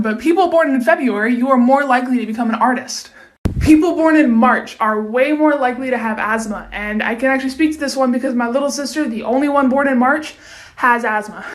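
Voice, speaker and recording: A young woman with a high, light voice rattles off fun facts to her phone audience. Her delivery is quick and chatty, with casual swearing mixed in. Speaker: TikTok creator. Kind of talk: casual fact-sharing monologue.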